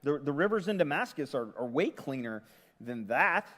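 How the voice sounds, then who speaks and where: A man's voice: mid-range voice, sing-song, moderate pace, fairly bright tone, long reverb tail. A man voicing a proud, offended army commander who complains with scorn, in a sermon retelling. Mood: indignant.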